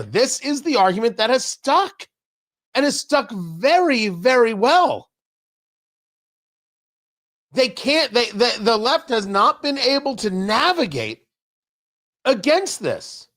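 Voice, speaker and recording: A man's voice: very high-pitched, sing-song, slow, pauses often, fairly bright tone. A man hosting a political talk show from a studio, talking in an indignant, mocking and emphatic way. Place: radio studio.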